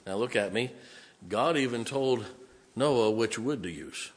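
A man's voice: medium pitch, measured pace. A male pastor preaching a sermon in a church, reading scripture aloud and explaining it with emphatic, direct address to the congregation. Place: church sanctuary. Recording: long reverb of a large hall.

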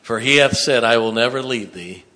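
A man preaching a sermon, dropping to hushed tones and rising to loud emphatic bursts. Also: medium pitch, normal speed. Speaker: pastor.

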